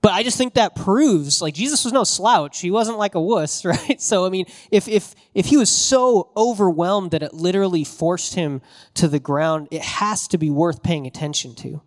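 A man preaching in a relaxed, conversational way, his voice sitting a little higher than most men's. He retells the story animatedly with casual slang, like talking to friends from the pulpit. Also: moderate pace. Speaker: pastor. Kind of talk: conversational sermon.

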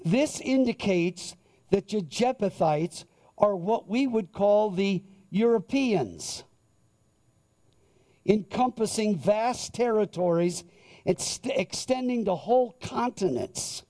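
A male pastor with a high, mellow voice delivers a sermon. He talks at an unhurried pace and draws out the scripture he reads so each phrase lands. His tone is soft and warm rather than bright. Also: animated. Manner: slow, deliberate scripture reading.

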